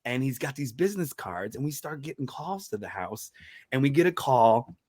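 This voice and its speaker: A man, a comedian guest on a podcast, telling family stories in a casual, animated way that slips into high-pitched impressions. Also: normal speed, husky, dry recording, studio quality. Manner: animated, jumps into high-pitched impressions, laughs at his own jokes.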